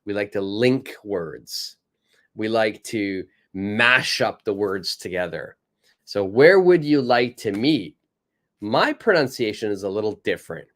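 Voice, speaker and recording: A man's voice: on the low side, lively intonation, measured pace, a bit bright. A man teaching a live online English lesson with a North American accent, patiently repeating phrases and encouraging his students.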